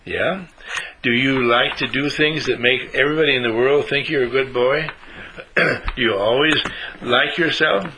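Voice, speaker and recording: A man talking to a small child in an animated, sing-song way, asking leading questions and answering them himself. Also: mid-range voice, moderate pace, a little hiss or hum, poor audio. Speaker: adult talking with young children. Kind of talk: coaxing talk to a small child.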